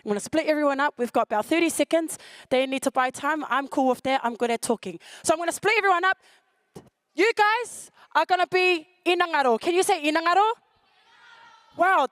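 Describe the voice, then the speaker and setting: High-voiced woman MC leading a crowd. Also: a little fast, dry recording. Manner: lively, playful, commanding a crowd. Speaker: festival MC. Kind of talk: live crowd call-and-response. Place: outdoor festival stage.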